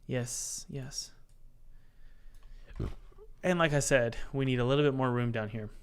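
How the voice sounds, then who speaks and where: A playful man leads a live game development tutorial, narrating each click out loud and tossing questions and jokes to his viewers. His voice is smooth and resonant, at an ordinary middle pitch for a man. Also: a little slow. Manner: playful, jokey, chats directly with the live chat; talks himself through software steps aloud. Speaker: indie game developer and streamer.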